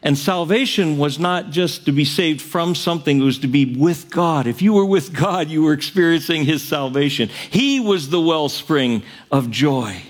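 A man preaching a sermon as pastor, earnest and direct, rising to loud cries on the quoted verses. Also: fairly high pitch, animated, normal speed, few pauses.

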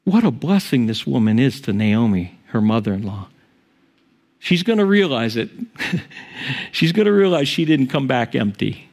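A male pastor preaching a sermon in an animated, emphatic way. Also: normal speed. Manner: animated, emphatic, shifting pitch for quotes.

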